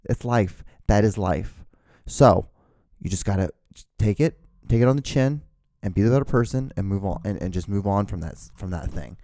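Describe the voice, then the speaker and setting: Rambling low-voiced man with a mellow tone. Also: brisk, dry recording, studio quality. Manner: rambling, profane, many restarts. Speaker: podcast host. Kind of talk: solo podcast rambling.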